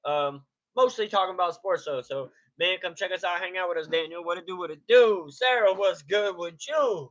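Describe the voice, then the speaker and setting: Male streamer, laid-back, high bright voice, greets chat by name, lo-fi stream sound. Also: normal speed, hardly any pauses. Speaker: live stream host. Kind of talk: casual live reaction stream. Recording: dull lo-fi stream audio.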